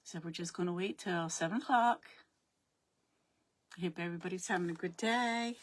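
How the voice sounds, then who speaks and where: A middle-aged woman with a lowish voice runs her crafting livestream at a moderate pace. She chats casually and greets viewers by name as they join.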